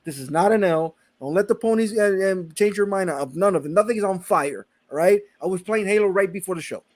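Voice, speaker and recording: A male co-host on a casual gaming podcast, with a slightly high voice. He talks emphatically and presses his point again and again. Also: a little fast, no echo. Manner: emphatic, repeats no, insistent.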